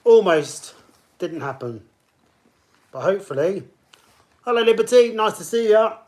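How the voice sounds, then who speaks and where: Casual male quiz host, upbeat and higher-pitched, chats with players between questions. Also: expressive, measured pace, a little mellow. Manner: chatty, greets players by name between questions. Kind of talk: live-streamed pub quiz hosting.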